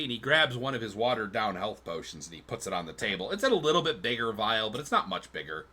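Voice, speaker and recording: A man running a tabletop game as game master, narrating scenes in a loose, rambling way. His voice is bright and his pitch moves around a lot as he talks. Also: expressive, fast, hardly any pauses.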